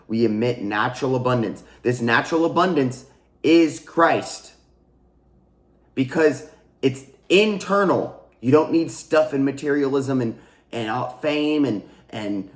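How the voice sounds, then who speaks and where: In a noticeably echoey room, a man who coaches spirituality and hosts a channel talks to camera in a casual, unscripted teaching monologue. His voice is middle-pitched, and he comes across as earnest and repetitive, restarting sentences and calling listeners guys.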